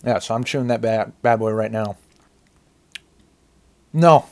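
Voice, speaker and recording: A man's voice: fairly low pitch, unhurried. A man narrating a commentary track over his own video in a casual, profane style. He groans, hums and sighs as the heat of the chili peppers hurts him. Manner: casual, swears often, groans and hums through pain.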